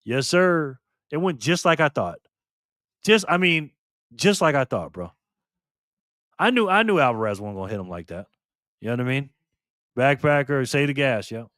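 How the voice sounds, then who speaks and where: A man's voice: medium pitch, very animated, moderate pace, long pauses, a bit bright, no echo, clean studio sound. A man hosting a casual live stream, chatting loosely with viewers by name and repeating himself.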